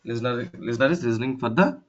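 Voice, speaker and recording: A man teaching an online class, talking haltingly with many fillers and restarts over a video call. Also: medium pitch. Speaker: instructor. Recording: dull lo-fi call audio.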